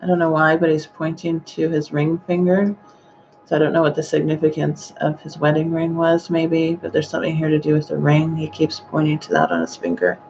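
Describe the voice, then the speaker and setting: A woman giving a live-streamed psychic reading, speaking gently and hesitantly with frequent sighing exclamations. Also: low-pitched, a little fast, few pauses, muffled recording, background noise. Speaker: psychic medium.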